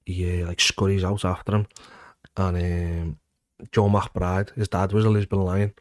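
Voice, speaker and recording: Deep and unhurried on a dry recording, this man in his thirties is an ex-footballer with a Liverpool accent. Chatting casually in an interview, he tells lively stories, curses without restraint, and loudly acts out what people said.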